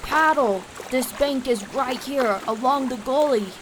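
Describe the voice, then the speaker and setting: A woman's voice: fairly high pitch, little pitch movement, unhurried, background noise, close to an everyday voice. A woman voicing a loyal male hunting dog who barks out urgent calls in a storybook reading. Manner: barking, howling calls.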